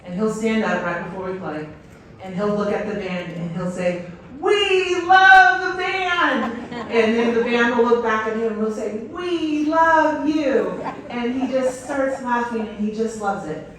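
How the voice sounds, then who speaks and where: A woman's voice: medium pitch, steady tone, moderate pace. A woman coach giving an enthusiastic storytelling speech to a stadium crowd, with many fillers. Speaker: head volleyball coach, guest speaker. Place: outdoor stadium. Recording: echoey stadium PA from far off.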